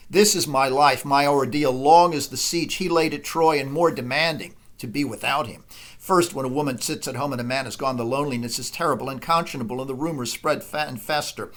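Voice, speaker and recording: Casual: guy reading aloud as a sly queen playing up her sorrow, verse read fast and hushed. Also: mid-range voice, lightly acted. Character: scheming queen feigning grief, woman. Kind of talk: dramatic reading in a lecture.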